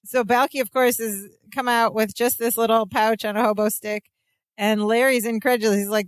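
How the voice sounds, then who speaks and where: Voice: medium pitch, steady tone, moderate pace, clean tone, no room sound. A podcast co-host narrating episode plots steadily in casual chat, adding dry asides.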